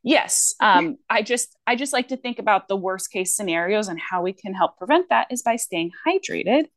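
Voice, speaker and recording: A woman's voice: medium pitch, animated, normal speed, no room sound. A woman speech-language pathologist in casual podcast chat, rambling with frequent fillers and restarts.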